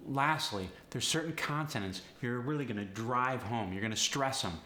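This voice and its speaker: A man's voice: mid-range voice, normal speed, bright, forceful tone. A man teaching actors an accent step by step, explaining each sound swap in an instructive way. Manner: instructive, breaks down sound swaps. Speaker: accent coach. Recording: echoey room with faint noise.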